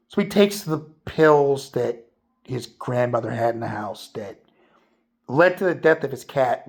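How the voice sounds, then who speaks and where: A man's voice: medium pitch, creaky. A man giving a casual, spoilery movie review, rambling and swearing freely with lots of fillers.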